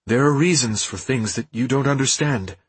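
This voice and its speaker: A man reading the lines of a measured, guarded female doctor in an audiobook, in an even, husky voice. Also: mid-range voice, no room sound, close to an everyday voice. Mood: calm, firm.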